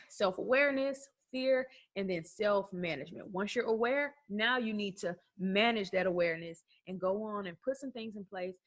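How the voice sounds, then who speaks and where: A woman's voice: medium pitch, fairly bright tone. A woman life coach talking to the camera in a conversational way, asking rhetorical questions and acting out bits of self-talk.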